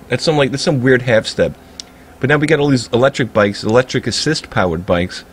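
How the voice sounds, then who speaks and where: A man's voice: mid-range voice, brisk, a little hiss or hum. A man, a livestreamer ranting in a heated, profane, rambling way during casual chat. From Staten Island, New York.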